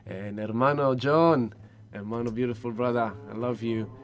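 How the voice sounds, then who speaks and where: A man hosting a spiritual live stream, greeting viewers one by one with effusive, gentle warmth. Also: medium pitch, steady tone, soft background music. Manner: warm effusive greetings, slow and soft-spoken. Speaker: spiritual livestream host.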